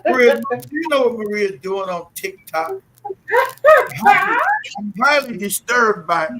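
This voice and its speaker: A man's voice: sits high, lively intonation, a little slow, bright, forceful tone, low-quality recording. A man hosting a casual live talk show, joking and teasing with lots of laughter.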